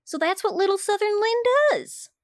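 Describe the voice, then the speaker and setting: A woman's voice: very high-pitched, moderate pace, no echo, studio quality. A young woman giving casual commentary on a film, blunt and sarcastic, with casual swearing.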